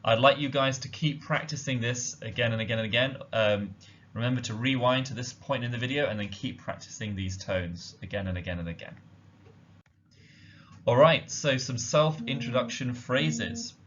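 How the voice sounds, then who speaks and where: A man giving a slide-based language lesson, explaining slowly and carefully with frequent ums. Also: medium pitch, fairly bright tone. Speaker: language teacher. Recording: dull lo-fi audio.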